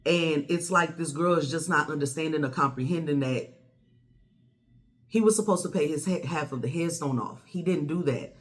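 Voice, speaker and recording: A woman, telling a personal story to the camera in a blunt, animated way with plenty of swearing. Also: deep voice, moderate pace. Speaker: vlogger. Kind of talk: casual storytelling.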